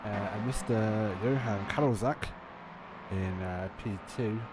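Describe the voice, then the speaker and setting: A man commentating a sim race, chatty and measured, with frequent fillers. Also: fairly low pitch. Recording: loud background noise.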